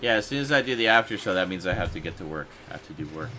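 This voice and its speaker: A man hosting a casual group chat stream, animated and joking. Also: low voice, rapid-fire, heavy background noise. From Canada. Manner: animated, joking, lots of laughter. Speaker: stream host.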